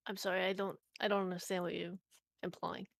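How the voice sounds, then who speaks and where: A woman's voice: fairly low pitch, level tone, fairly quick, vocal fry, no room sound, studio quality. A woman playing a tabletop role-play, narrating her character, earnest with hesitant restarts. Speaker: player.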